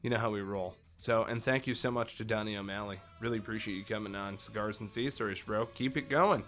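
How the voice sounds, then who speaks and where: A man hosting a podcast in casual, joking chat, loud and profane. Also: lowish voice, fairly even intonation, fast talker, faint music behind. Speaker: podcast host.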